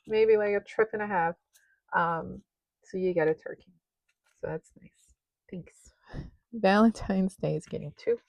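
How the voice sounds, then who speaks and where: A woman's voice: fairly low pitch, creaky, a little mellow, dry recording, rough recording. A young woman chatting casually while she sorts cash into budget envelopes, rambling with lots of fillers. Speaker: budgeting vlogger. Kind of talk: casual cash-stuffing commentary.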